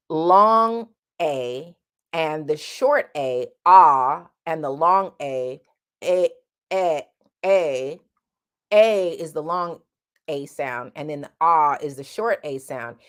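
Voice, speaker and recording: A woman teaching a singing lesson, speaking directly and bluntly, and breaking off to sing drawn-out vowel sounds as demonstrations. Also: low voice, fairly bright tone. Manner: sings vowel demonstrations between explanations.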